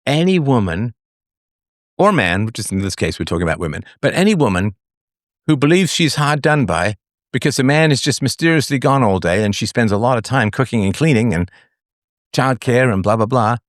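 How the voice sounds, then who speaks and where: A middle-aged man holds forth as host of a live call-in show, his pitch swinging widely as he acts out the people he quotes. The sound is close and dry, with no room around him. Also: fairly quick, dry recording. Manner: animated, acts out quoted voices, sings snatches. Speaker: podcast host. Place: online audio space.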